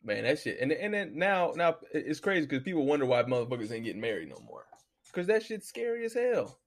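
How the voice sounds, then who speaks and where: Gravelly man ranting casually. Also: on the high side, a little fast. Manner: loose, animated storytelling, heavy cursing. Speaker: podcast host. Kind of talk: casual profane commentary.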